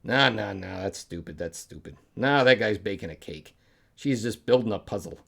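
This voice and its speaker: A man's voice: lowish voice, animated, moderate pace, creaky, fairly bright tone. Rambling, mumbling male stream host. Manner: rambling, muttering asides, chatting with viewers. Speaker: host of a live comedy stream. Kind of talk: casual live-stream chat.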